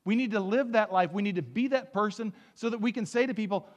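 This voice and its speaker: A man in his fifties preaches in a church sanctuary with a fairly high voice. He speaks earnestly and builds to emphatic peaks as he quotes scripture. A long hall reverb trails behind every phrase. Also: fast, few pauses, muffled recording. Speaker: pastor. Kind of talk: sermon.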